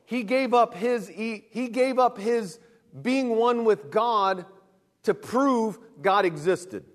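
A man in his thirties preaching a sermon in an animated way, acting out quick voices for God and people. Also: sits high. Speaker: pastor. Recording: long reverb of a hall.

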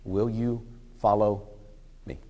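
A man preaching a sermon in a conversational way, acting out short exchanges and dropping to hushed lines. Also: lowish voice, steady tone, slow pace. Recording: long hall reverb.

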